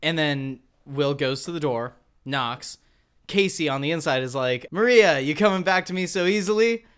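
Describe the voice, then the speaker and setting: A man co-hosting a podcast, excitedly retelling a movie plot and swearing casually. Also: a little high, normal speed, smooth. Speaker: podcast co-host. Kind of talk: casual movie recap chat.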